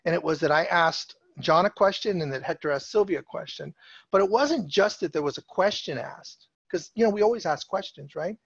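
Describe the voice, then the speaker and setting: A middle-aged man with a slightly high, brisk, creaky and husky voice tells a personal story to an audience from a presentation stage. His delivery is loose, casual and chatty, full of fillers and restarts. The recording is dry and close, somewhat dull and lo-fi.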